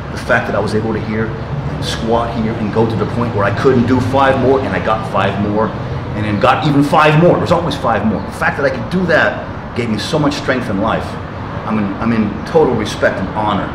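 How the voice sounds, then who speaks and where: A man's voice: mid-range voice, fairly quick, few pauses. A man in his sixties talking as an interview guest, reminiscing in an intense, emphatic, motivational way with punchy bursts. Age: 60s. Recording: roomy with loud traffic noise.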